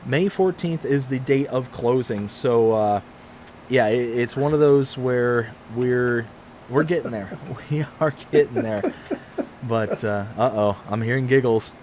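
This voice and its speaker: Speaking at a measured pace in a medium-pitched, darkish voice, a man hosts a relaxed gaming stream from his home, where the room is mostly packed up. Slight background noise accompanies his friendly, cheerful reading of viewer comments.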